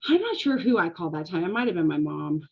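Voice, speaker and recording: A woman, talking casually to a live audience as a business coach and telling lively stories with frequent laughter. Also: on the low side, fast, vocal fry, slightly rough, dull audio. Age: 40s. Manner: storytelling, animated, laughs often.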